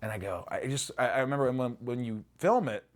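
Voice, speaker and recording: A man's voice: medium pitch, lively intonation, brisk. A middle-aged man, an actor in a casual interview, telling stories animatedly, swearing freely and acting out lines.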